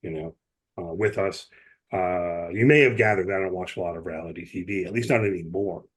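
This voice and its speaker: Male podcast co-host, slightly low voice, rambling explainer, casual chat. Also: fairly quick, breathy edge. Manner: chatty, explains at length with many asides and restarts.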